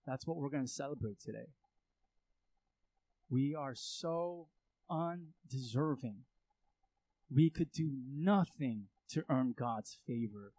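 A pastor with a warm, medium-pitched voice preaches a sermon on a low-quality recording. He speaks earnestly, acting out prayers and indignant reactions with rising intensity to drive his point home.

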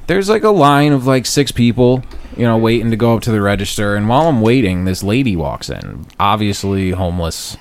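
Animated, swearing man telling a story. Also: fairly low pitch, fairly quick. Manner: profane, animated storyteller, loud acted-out quotes. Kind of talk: casual storytelling chat.

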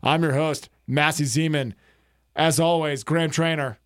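A man's voice: a little high, fairly even intonation. A man hosting a casual sports talk radio show, joking and laughing with his co-hosts. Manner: jokey, laughs often, quick banter.

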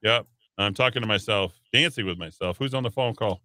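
A man's voice: on the low side, fairly quick, bright, forceful tone, no echo. A man hosting a talk radio show in casual banter, sarcastic, teasing and blunt, on a studio microphone.

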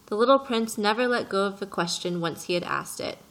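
A woman narrating a chapter of a story aloud, in a measured, gentle manner. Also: mid-range voice, rough recording. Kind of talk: audiobook narration.

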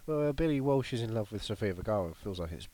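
A man's voice: fast talker, a little hiss or hum. A British man co-hosting a comedy podcast, rambling and joking in casual chat. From United Kingdom. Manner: jokey, rambling, with lively swings in pitch. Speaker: podcast co-host.

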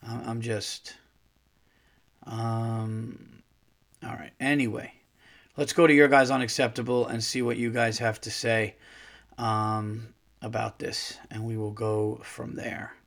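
A middle-aged man hosts a solo podcast, ranting angrily, swearing heavily and acting out conversations. His mid-range voice is gravelly, a bit bright and level in tone, and he speaks slowly with long pauses.

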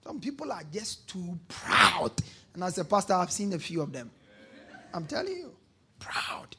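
A man preaching a sermon in a high, gravelly voice with a raspy edge. He hammers key lines again and again, calls on the congregation to say them back, and rises into shouts when he drives a point home. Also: sing-song, moderate pace. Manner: emphatic preaching, repeating lines and prompting call-and-response. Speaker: pastor.

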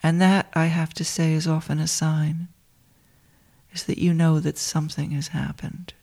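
A woman telling a personal story to listeners she calls dear friends, in a soft, intimate way that often drops to a whisper. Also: deep voice, level tone, normal speed, creaky.

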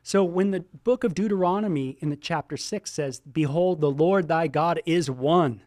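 Middle-aged man, pastor, fairly high voice, preaches in an animated, chatty way, close dry sound. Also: moderate pace, dry recording. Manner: animated, exclaims and voices imagined listener reactions; many ums and you-knows. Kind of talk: sermon teaching.

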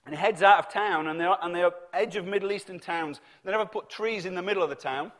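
Storytelling preacher, slightly high voice. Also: male voice, fast talker, a bit bright. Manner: conversational storytelling, acting out quoted voices. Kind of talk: sermon.

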